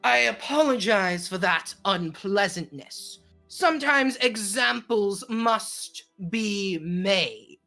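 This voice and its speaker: A woman voicing a menacing, calm male crime boss in a tabletop game, speaking smoothly and with cold politeness. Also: medium pitch, soft background music, full character voice. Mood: coldly polite. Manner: smooth, coldly polite, slow and deliberate.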